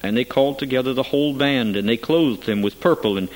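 A man reading scripture aloud in a measured, solemn way. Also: medium pitch, rough recording. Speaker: scripture reader.

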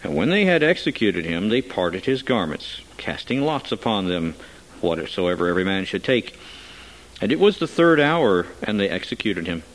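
A man reading scripture aloud in a measured, solemn way. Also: lowish voice, sing-song, rough recording. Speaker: scripture reader.

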